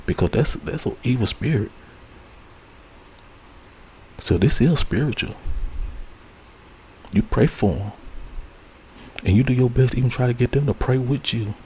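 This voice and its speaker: A man's voice: medium pitch, mellow, a little hiss or hum, low-quality recording. A man hosting an ASMR spiritual advice talk, speaking earnestly and repeating key phrases like a preacher. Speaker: host.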